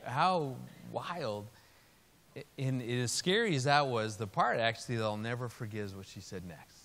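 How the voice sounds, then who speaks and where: A man's voice: mid-range voice, moderate pace. Man preaching in a reverberant hall. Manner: animated, humorous storytelling turning earnest. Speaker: Christian speaker. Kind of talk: storytelling sermon. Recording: reverberant hall with faint hiss.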